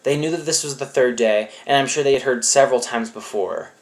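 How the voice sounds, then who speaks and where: A man's voice: medium pitch, fairly quick. Casual young man preaching. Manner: conversational, acts out quotes with playful voices. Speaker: youth pastor. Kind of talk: casual youth sermon.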